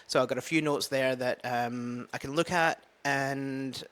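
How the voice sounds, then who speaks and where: A man's voice: medium pitch, fairly even intonation, a little slow, a bit bright, clear, resonant tone. A man with a Scottish accent, an open mic comedian, chatting casually in a vlog, rambling and thinking aloud with many fillers. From Scotland. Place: at home with a dog.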